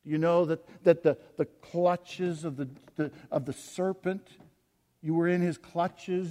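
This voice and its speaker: A man preaching a sermon as pastor, impassioned, swinging from quiet to loud and piling up rhetorical questions. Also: on the high side, steady tone, measured pace. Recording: long hall reverb.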